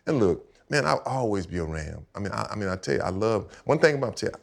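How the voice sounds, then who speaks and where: A deep, gravelly older man tells long stories in a relaxed chat. He repeats phrases for emphasis and acts out what others said. His speech is casual and loose. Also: quick pace. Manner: animated storyteller, repeats himself, acts out quotes. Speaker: guest, retired football player. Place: house set for a podcast.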